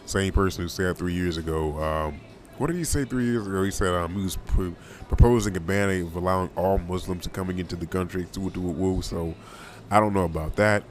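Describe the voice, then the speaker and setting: A man's voice: sits low, a little fast, faint music behind. A young man hosting a casual solo podcast, talking in a loose, rambling, slangy way and often repeating himself. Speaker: podcast host.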